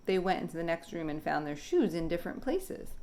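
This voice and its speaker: A woman teacher reading a picture book aloud in a slow, expressive storybook manner. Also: fairly low pitch.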